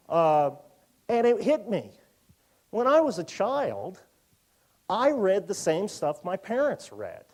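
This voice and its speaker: A man in his fifties giving a public lecture in a museum auditorium, animated and full of joking asides. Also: sits high. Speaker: university lecturer.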